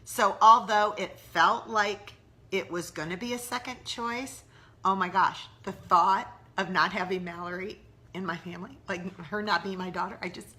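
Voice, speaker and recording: A woman's voice: mid-range voice, bright, forceful tone. A middle-aged woman hosting a casual live stream, candidly answering viewers' questions and chatting with their comments. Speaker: host of a live mom-mentoring broadcast. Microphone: live-stream webcam or phone.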